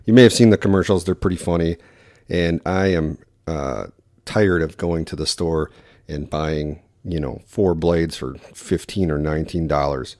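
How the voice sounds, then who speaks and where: Brief: male podcast host, Wisconsin accent, deep mellow voice, fast and rambling, lots of "um" and "uh". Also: no echo, clean studio sound. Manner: quick, rambling talk with many fillers. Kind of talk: casual solo podcast.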